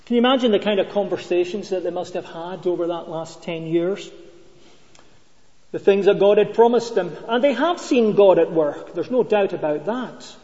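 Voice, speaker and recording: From Scotland, this preacher has a high-pitched, dark-toned voice. He tells stories in his sermon and asks the congregation questions, conversational and rhetorical in style; the sound is dull, lo-fi and heavily reverberant.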